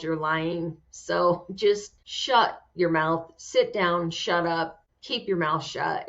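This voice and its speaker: A woman host giving casual commentary in a blunt, profane, heated way. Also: on the low side. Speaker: podcast host. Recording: dull lo-fi sound.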